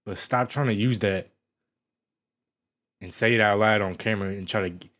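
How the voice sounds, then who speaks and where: A man hosting a reaction video, commenting loudly and profanely and scolding the person on screen. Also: lowish voice, moderate pace.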